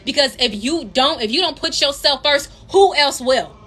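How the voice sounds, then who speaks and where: A woman's voice: sits high, lively intonation, moderate pace, fairly bright tone. A young woman doing a casual tarot reading for her viewers, chatty and repetitive, calling them her queens. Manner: chatty, repeats herself, addresses viewers as queens. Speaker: tarot reader and spiritual coach.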